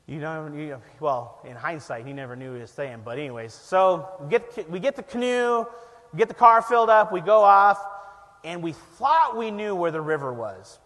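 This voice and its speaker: A man preaching, telling a self-deprecating story with lively energy and frequent laughter. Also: on the high side, moderate pace, in a large hall. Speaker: pastor. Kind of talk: storytelling sermon. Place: church.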